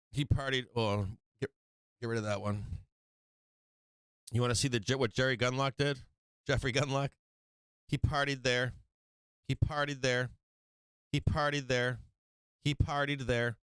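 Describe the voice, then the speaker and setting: Guy on a stock stream, smooth clear voice, dry mic, rambly and cussing. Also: mid-range voice, a bit bright, no room sound. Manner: rambling, mocking, swears often, talks to viewers. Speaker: stock market live stream host. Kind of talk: casual profane market chat.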